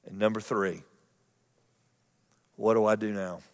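A man preaching a sermon as pastor, swinging between loud, slow emphasis and hushed, intimate lines, repeating key phrases. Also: lowish voice, steady tone, clean tone. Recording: long hall reverb.

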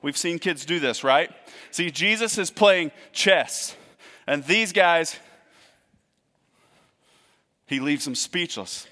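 A man preaching a sermon in a conversational way, swinging between loud emphasis and hushed asides. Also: fairly high pitch, lively intonation, takes it slowly, long pauses, long reverb tail. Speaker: pastor.

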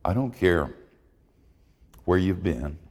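A man's voice: deep voice, animated, takes it slowly, darkish tone, in a large hall. A man preaching a sermon in a folksy, humorous and confessional way, telling stories from his own life. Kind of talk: sermon with storytelling.

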